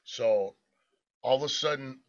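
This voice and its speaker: A man's voice: medium pitch, a little slow. A man co-hosting a podcast, telling a story in a rambling, casual way, swearing freely and laughing as he goes. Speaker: podcast co-host. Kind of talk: casual storytelling among friends. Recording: dull lo-fi podcast audio.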